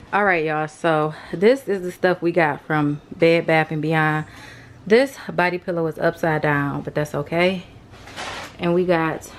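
A young woman talking casually through a shopping haul vlog, addressing viewers as y'all, rushed and a bit out of breath. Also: lowish voice, slight background noise. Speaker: vlogger.

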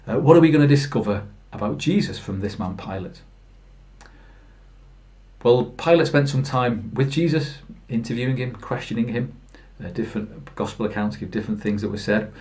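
A man's voice: medium pitch, normal speed, darkish tone. A man preaching a Good Friday sermon in plain storytelling, earnest, with fillers and restarts. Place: church.

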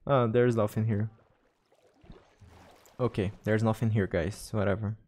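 A man's voice: lowish voice, steady tone, a little slow, darkish tone. A man with a Brazilian Portuguese accent, streaming a game and chatting to viewers in English, often repeating and restarting his words. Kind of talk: casual gaming livestream chat.

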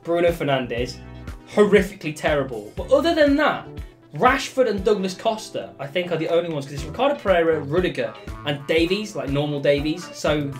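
Young gamer; animated, frustrated shouting and laughing over play, soft backing music. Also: male voice, fairly high pitch, fairly quick. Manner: loud exasperated outbursts and laughter. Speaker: gaming YouTuber. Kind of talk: excitable gameplay commentary.

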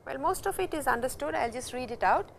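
A middle-aged woman with an Indian English accent giving a patient, explanatory classroom lecture, repeating terms slowly. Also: high voice, animated, gravelly, a little hiss or hum. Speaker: Japanese language teacher.

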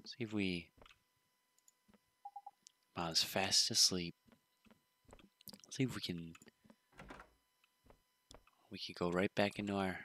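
A man's voice: sits low, pushed and bright, a little hiss or hum. A young man giving casual let's-play commentary, rambling with joking asides. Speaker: gaming video host.

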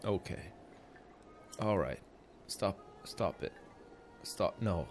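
Lively joking male game streamer. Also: low voice, extremely slow, faint music behind. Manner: joking, profane, reads game text aloud. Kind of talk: casual live gameplay commentary.

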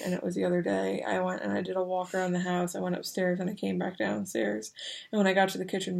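A young woman chats to the camera in a loose, rambling vlog style, leaning on fillers as she tells her story. Her voice sits in a middle register with a noticeable gravelly fry at the ends of phrases. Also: medium pitch, a little mellow. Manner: chatty, rambling with many fillers. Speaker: vlogger.

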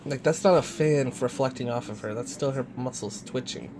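A vlogger talking casually, softly reassuring a pet in hushed tones that slip into whispers. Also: mid-range voice, moderate pace, noisy background. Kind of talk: casual vlog, soothing a pet.

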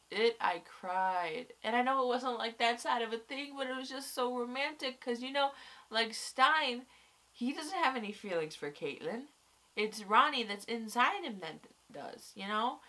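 A young woman in casual chat, reviewing a TV episode, rambling and excitable, swearing a lot, tired and stuffy-nosed from crying. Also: fairly high pitch, unhurried.

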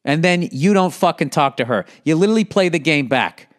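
A man's voice: on the high side, brisk. A middle-aged man with a Boston accent hosting a podcast, reading listener letters and ranting back with constant profanity. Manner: profane, animated ranting with frequent swearing; reads listener letters aloud, then rants back.

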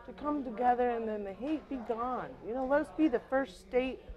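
An excitable woman chatting on community TV, voice sitting a little high. She talks with open enthusiasm and lets out the odd whoop. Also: brisk, lo-fi sound, a crowd in the background. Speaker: community guest. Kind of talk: casual interview chat.

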